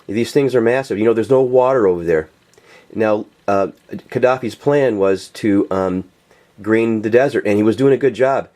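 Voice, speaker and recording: A man's voice: fairly low pitch, moderate pace, warm tone. A man ranting in a casual, profane monologue, full of fillers and restarts, addressing viewers directly. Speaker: political video commentator.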